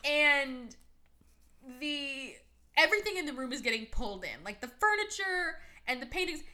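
Brief: young woman podcast host, high and bright, sarcastic casual movie recap. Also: very animated. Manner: chatty, sarcastic, full of fillers and quick quoted voices.

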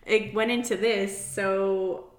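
A young woman co-hosting a casual podcast, chatty and quick to laugh, acting out quotes. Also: mid-range voice, fairly even intonation. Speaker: podcast co-host. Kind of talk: casual chat recapping a reality show. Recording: roomy echo.

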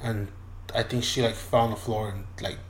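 A man with a lowish, level voice speaks at a moderate pace, telling a loose, casual personal story peppered with swearing and acted-out voices of its characters. The roomy room echoes, and there's slight background noise.

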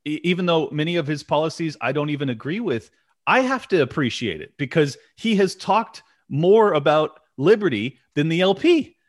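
A podcast host with a slightly high, sing-song voice launches into a passionate, profane rant at a normal speed. The setting is casual political podcast chat.

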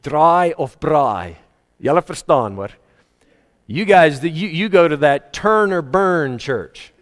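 Male pastor, slightly high voice, emphatic sermon delivery, church reverb. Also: a little slow. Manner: animated, emphatic preaching with asides and humor. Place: church hall.

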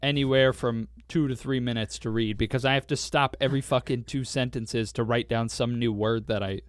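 A man's voice: medium pitch, fairly even intonation, a little fast, dry recording, clean studio sound. A young man co-hosting a podcast, rambling through casual chat, cursing freely and laughing often. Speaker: podcast co-host.

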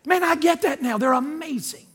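A man's voice: extremely high pitch, moderate pace. An older man preaching a sermon, emphatic and calling out to his congregation, mixing scripture reading with personal stories. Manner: storytelling with quoted dialogue. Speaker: pastor.

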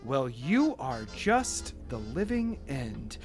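A man voicing a cold, menacing military colonel who makes slow, quiet threats. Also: mid-range voice, big pitch swings. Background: background music.

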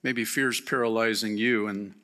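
A man, a pastor, preaching a sermon with slow, emphatic delivery and rhetorical questions to the congregation. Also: fairly low pitch, steady tone, sharp tone.

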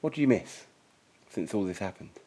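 A man's voice: on the low side, expressive, moderate pace, dark tone, breathy edge, pitched above the performer's own voice. A man voicing a blunt, curious young woman who survived a disaster, in a raised voice and with teasing, direct questions, while reading a story aloud.

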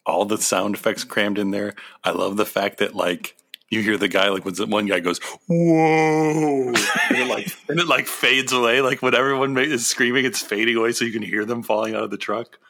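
Bright-voiced man chatting with enthusiasm. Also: lowish voice, a little fast, vocal fry. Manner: enthusiastic, laughs often, says "like" a lot. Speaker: podcast co-host. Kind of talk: casual chat.

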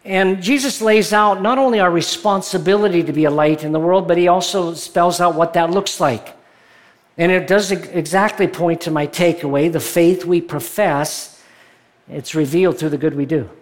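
Man, pastor, high voice, conversational sermon, enthusiastic lifts. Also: moderate pace. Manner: conversational preaching, rising excitedly at points.

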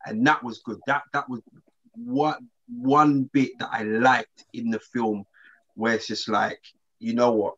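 A man, co-hosting a casual chat and telling a story in relaxed slang with many restarts. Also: medium pitch, normal speed, breathy edge. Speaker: podcast co-host. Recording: slightly dull lo-fi sound.

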